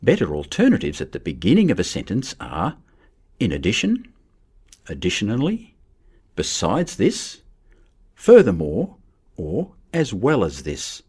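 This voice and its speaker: A man giving a measured, scripted narration for a lesson on writing. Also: fairly low pitch, huge pitch swings, darkish tone, husky. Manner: measured, explanatory. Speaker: teacher.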